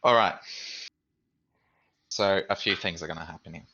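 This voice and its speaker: A man acting as dungeon master, running an online tabletop game with relaxed, steady narration and frequent rules checks. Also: low voice, normal speed, creaky, lo-fi sound.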